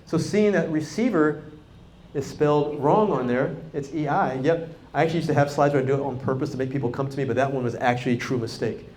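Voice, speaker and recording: A man giving a live, energetic talk to a conference audience, acting out quoted dialogue and speaking straight to the crowd. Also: fairly high pitch, quick pace, a little hiss or hum. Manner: energetic, animated, acts out quoted dialogue, talks directly to the crowd. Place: conference hall.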